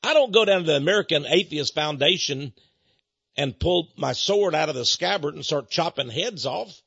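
An older man hosting a radio show, talking in a preachy monologue that swings between hushed asides and emphatic declarations, with frequent chuckles. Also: a little high, expressive, normal speed, creaky, husky, dry recording. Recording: dull lo-fi radio broadcast.

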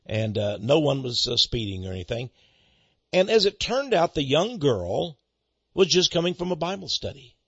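Husky, lively male preacher. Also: fairly high pitch, moderate pace, dry recording. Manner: folksy storytelling, animated. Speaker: pastor and ministry head. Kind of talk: radio sermon monologue. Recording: dull lo-fi dry recording.

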